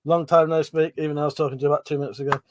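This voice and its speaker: A man's voice: on the high side, flat delivery, very fast. A man hosting a casual livestream, rambling, swearing freely, laughing often and greeting viewers by name. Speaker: livestream host. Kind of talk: casual live-stream chat.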